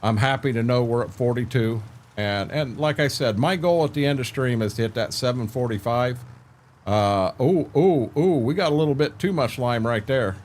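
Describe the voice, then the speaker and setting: A man's voice: mid-range voice, a little fast. An older man chatting casually with viewers while streaming a farming game, laid-back and rambling, repeating words and filling gaps with "uh".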